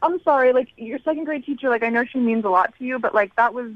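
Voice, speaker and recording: A woman's voice: on the high side, quick pace. A woman calling in to a radio show, casual and giggly, saying "like" a lot over a phone line. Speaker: caller.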